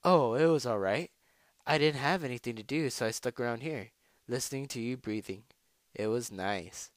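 A man voicing a friendly living pine cone in a soft, mild manner. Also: medium pitch, normal speed, no echo, lightly acted.

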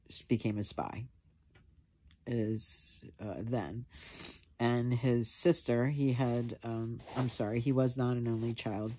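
A woman telling her family's history in a casual talk, rambling and halting, with many pauses and fillers. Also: very deep voice, dark tone.

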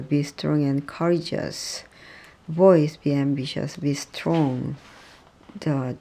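A speaker reading English practice dialogues aloud, halting and restarting often. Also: medium pitch, vocal fry, mellow.

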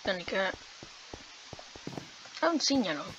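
A young woman commenting on her game casually, dramatic and whiny, swinging between loud outbursts and mumbles. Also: medium pitch, sing-song, moderate pace, lo-fi sound. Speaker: gamer. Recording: noisy background.

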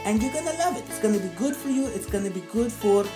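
A woman with a fairly high, expressive voice talks very fast over music in a reverberant space. As co-host and football analyst on a comedic football podcast, she rants in an indignant, sarcastic, theatrical way.

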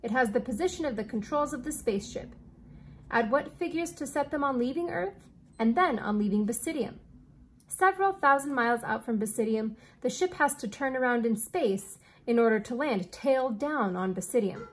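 A woman reading aloud as an eccentric male inventor who speaks in a formal, old-fashioned, deliberate way. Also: on the high side, expressive, husky.

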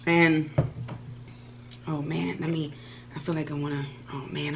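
Woman w/ a low voice doing a food vlog, super excited, keeps saying you guys, faint hum behind. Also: a little slow, vocal fry, pauses often. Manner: excitable, chatty, addresses viewers as "you guys". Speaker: food vlogger. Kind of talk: casual eating vlog.

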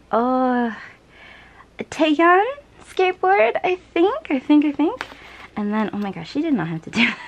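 A woman's voice: medium pitch, a little mellow, rough recording. A young woman vlogging casually as she unboxes and sorts her collectibles, gushing and giggling often.

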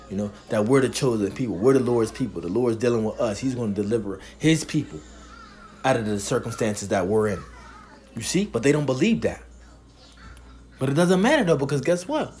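A man preaching a sermon, reading scripture verses slowly and then explaining them, asking "you see?" again and again. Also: mid-range voice, animated, darkish tone, faint music behind. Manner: emphatic, punctuates with "you see?".

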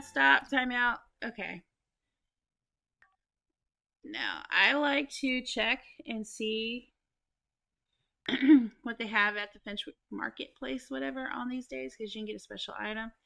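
Chatty, gravelly-voiced woman gamer. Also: a little high, sharp tone. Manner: chatty, swears a lot, laughs often, talks to the game. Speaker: gaming YouTuber. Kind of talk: casual let's play commentary.

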